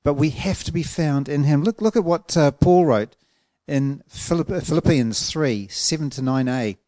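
A man preaching a sermon in an earnest, emphatic way, slowing down to stretch out key words. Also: fairly high pitch, mellow, dry recording, studio quality.

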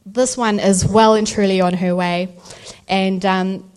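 A woman's voice: mid-range voice, a little slow, smooth. A woman, telling a birth story as church testimony and acting out the voices of the people in it. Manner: animated storytelling, acts out voices. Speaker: speaker sharing a birth testimony. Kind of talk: testimony talk at a church event.

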